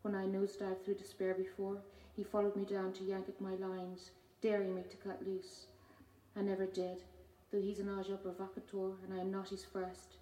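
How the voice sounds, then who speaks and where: A woman, a poet giving a measured reading of her own poems with hesitant spoken asides between them. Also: mid-range voice, completely flat delivery, warm tone. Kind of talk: poetry reading. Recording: roomy hall from far off.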